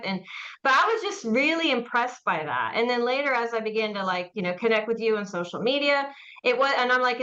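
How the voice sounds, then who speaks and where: A talkative woman hosting an interview, chatting loosely with lots of fillers and restarts. Her voice sits at a middle pitch and comes through slightly dull and lo-fi. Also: a little fast, sharp tone. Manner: chatty, rambling, with many fillers. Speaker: podcast host and mortuary educator. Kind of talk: casual interview chat.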